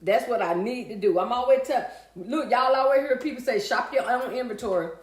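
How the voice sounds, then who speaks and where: A woman's voice: a little high, a little fast. A woman hosting a casual livestream, chatting with viewers and reading out their comments in a folksy way. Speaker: livestream host. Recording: echoey room.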